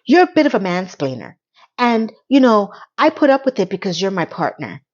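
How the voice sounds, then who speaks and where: A woman's voice: medium pitch, sing-song, moderate pace, dull audio. A woman voicing an uptight middle-aged wife with a strained, clipped, indignant way of talking. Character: tense middle-aged wife, stiff high voice.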